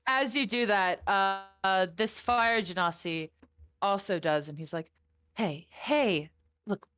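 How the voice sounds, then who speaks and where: A woman's voice: mid-range voice, measured pace, fairly bright tone, smooth. A woman narrating as game master, casual and swearing a lot. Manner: casual, swearing, voices the figures. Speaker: dungeon master.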